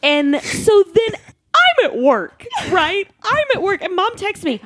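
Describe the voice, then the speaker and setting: A woman's voice: very high voice, very animated, slow pace, a bit bright, no echo. A woman telling a dramatic family story in casual chat, acting out quotes and laughing often.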